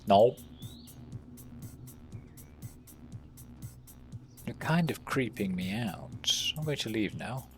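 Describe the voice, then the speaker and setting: A man's voice: on the low side, lively intonation, a little slow, faint music behind. A man doing a brash old-time wise-guy newsman. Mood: uneasy.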